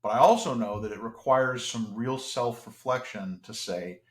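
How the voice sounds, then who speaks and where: A man's voice: mid-range voice, normal speed, reverberant. A man as an interview guest, talking in an earnest, reflective way with frequent restarts. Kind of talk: casual podcast conversation.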